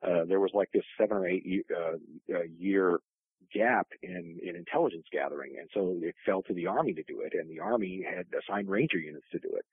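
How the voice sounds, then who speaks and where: A man with a very low, gravelly voice tells long family stories, circling back with restarts and fillers. His voice comes through a tinny phone line, dry and close. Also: sing-song, brisk, no echo. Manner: rambling, many restarts and fillers. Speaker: guest author. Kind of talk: casual storytelling interview.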